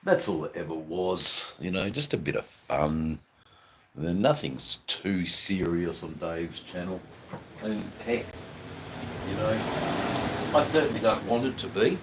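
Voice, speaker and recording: A man's voice: low-pitched, expressive, measured pace, noisy background. An Australian man hosting a casual live chat with his viewers, laid-back and rambling, with lots of fillers and casual swearing. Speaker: livestream host chatting with viewers.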